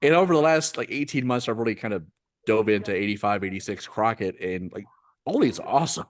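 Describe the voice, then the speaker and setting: A man's voice: lowish voice, lively intonation, brisk, slight background noise. A man co-hosting a podcast, making dry wisecracks in casual chat. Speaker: podcast co-host.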